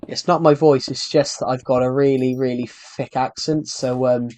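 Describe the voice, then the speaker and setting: A young man from the UK with a thick, strongly rhotic regional British accent, chatting casually on a gaming live stream and talking slowly on purpose, with many restarts. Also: mid-range voice, steady tone, a little mellow. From United Kingdom. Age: young adult. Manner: deliberately slow, many restarts. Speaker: game streamer.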